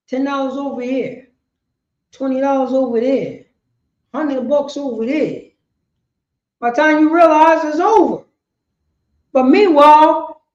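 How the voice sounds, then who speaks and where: High-voiced emphatic New woman preaching. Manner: emphatic, repetitive, swings between loud bursts and quiet asides. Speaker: class teacher. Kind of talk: preaching to a class. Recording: echoey room, muffled lo-fi sound.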